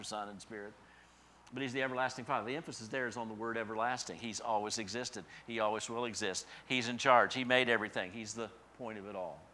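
A man preaching from the pulpit with a bright, forceful tone. He climbs into strong, repeated phrases, then lets each one fall away softly. His pitch sits in a middle range for a man. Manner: builds to emphatic repeated phrases then drops soft. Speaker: pastor. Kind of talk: sermon.

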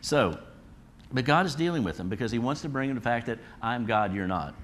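A man's voice: mid-range voice, lively intonation, fast talker, fairly bright tone, a little hiss or hum. A man preaching a Bible study sermon in a conversational way, often checking in with listeners. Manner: conversational, frequent "all right?" checks.

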